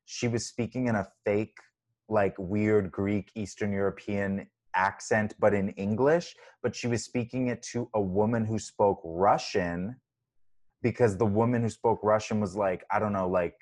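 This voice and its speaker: A man with a fairly low voice co-hosts a podcast. He talks in loose, jokey chat that rambles along with plenty of fillers. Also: steady tone, measured pace, a little mellow. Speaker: podcast co-host. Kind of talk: casual chat.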